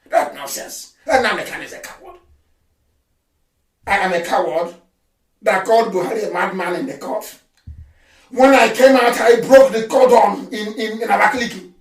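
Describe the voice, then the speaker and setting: Fiery Nigerian man shouting, high-pitched. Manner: fiery and mocking, often shouting. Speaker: movement leader giving a radio address. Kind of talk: impassioned live radio broadcast. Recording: roomy and distant from the mic.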